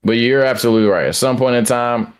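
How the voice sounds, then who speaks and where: A man co-hosting a casual sports podcast, talking in a lively, slangy way with lots of stammered restarts. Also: medium pitch, fast, smooth. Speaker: podcast co-host. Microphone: headset.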